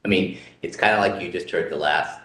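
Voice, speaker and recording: A male commissioner with an extremely deep voice gives his view plainly and candidly. The room echoes, with a faint low rumble behind him. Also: brisk, a bit bright. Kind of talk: meeting discussion. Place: council chamber.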